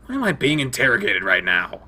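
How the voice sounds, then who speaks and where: Brief: man reading as a touchy young furry roommate, low and muttered, sheepish under the temper, with a lively swing in the delivery. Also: brisk, exaggerated voice. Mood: defensive.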